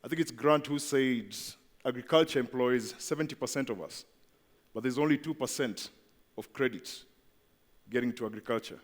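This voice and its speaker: A man's voice: medium pitch, moderate pace. A man giving a presentation to an audience, chatty and asking the crowd questions. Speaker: company speaker at event. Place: large event hall. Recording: long hall reverb.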